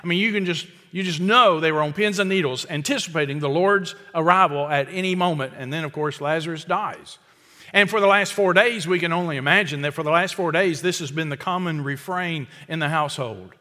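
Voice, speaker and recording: Male pastor, sermon delivery, slightly high and crisp, chatty and emphatic, restarts often. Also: brisk, sharp tone. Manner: conversational, emphatic, with frequent restarts. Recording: long hall reverb.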